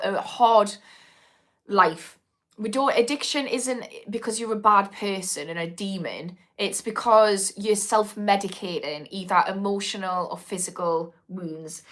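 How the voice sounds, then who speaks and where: Reading viewer comments during a casual live-stream Q&A, a Newcastle addiction therapist speaks frankly, swearing and dropping plenty of ums. Her mid-range voice is a bit bright, and she talks a little slowly. She comes from the north of England.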